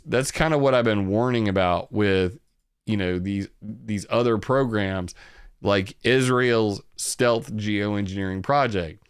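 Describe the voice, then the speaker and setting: A Southern US man talks through the news on his own channel in a low, gravelly voice. His delivery is loose and rambling, laced with sarcasm and casual swearing. The sound is close and dry, with no room echo. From Southern United States. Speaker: channel host.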